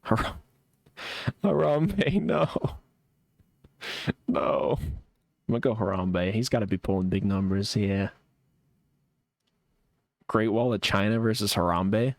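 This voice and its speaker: A young man chats with his live-stream audience in a relaxed, sarcastic way, breaking into laughter now and then. His voice sits fairly low and he takes his time with each thought. He banters back at chat without ever sounding rushed. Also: vocal fry, dry recording. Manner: laid-back, sarcastic, laughs often, reads chat aloud.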